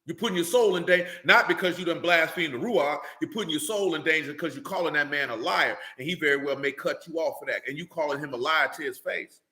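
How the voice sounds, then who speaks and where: Fiery scolding preacher man, bright voice. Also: fairly high pitch, quick pace, few pauses, echoey room. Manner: blunt, scolding, rhetorical questions, rising to shouts. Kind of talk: fiery street-style sermon.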